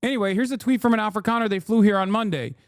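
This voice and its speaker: Male streamer, high voice, dry close sound, swears a lot, incredulous casual commentary. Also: very fast, dry recording. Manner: profane, incredulous and emphatic. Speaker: live streamer.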